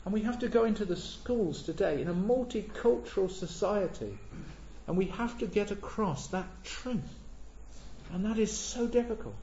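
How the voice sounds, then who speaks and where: A man preaching a sermon in a church hall, swelling loud on key words and dropping low and soft between them. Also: animated, normal speed, slight background noise. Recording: echoey hall, dull lo-fi sound.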